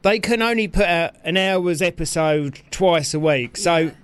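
A relaxed man chats casually and asks questions. His voice is smooth and resonant, pitched a little above the usual for a man. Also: measured pace. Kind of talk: casual chat.

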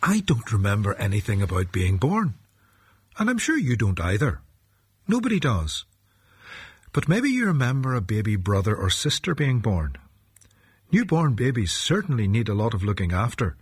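Very husky man giving a children's devotional. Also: lowish voice, very animated, normal speed, dry recording, studio quality. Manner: friendly direct address, leads a prayer.

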